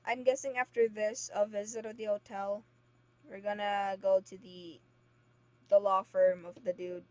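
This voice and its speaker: A woman's voice: medium pitch, level tone, moderate pace, darkish tone, no echo. A woman streaming a game, chatting casually and laughing often. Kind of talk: casual let's-play chat. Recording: faint background noise, lo-fi stream mic.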